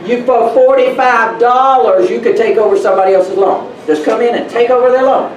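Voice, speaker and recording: High-voiced man telling stories to a room. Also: fairly quick. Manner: storytelling, animated, laughs at own stories. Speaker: real estate speaker. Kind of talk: motivational talk to an audience. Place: meeting room. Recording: roomy, distant, faint room noise.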